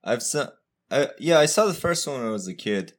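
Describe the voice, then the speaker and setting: A man in casual podcast chat, low-key and brief, laughing often. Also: sing-song, fairly quick.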